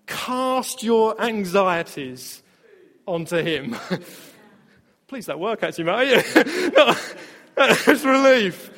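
A male pastor with a high voice preaches to his church, telling stories with energy and laughing along the way. His voice rings through a hall with a long reverb. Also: very slow, long pauses. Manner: storytelling, animated, laughs often. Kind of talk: sermon.

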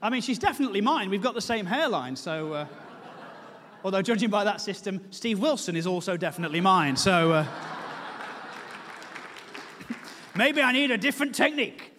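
High-voiced man doing stand-up. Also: lively intonation, moderate pace, long pauses, pushed and bright, long reverb tail, a faint crowd, slight background noise. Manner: self-mocking, acts out panicked high-pitched voices. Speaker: stand-up comedian. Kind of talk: stand-up comedy storytelling. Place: comedy venue with live audience.

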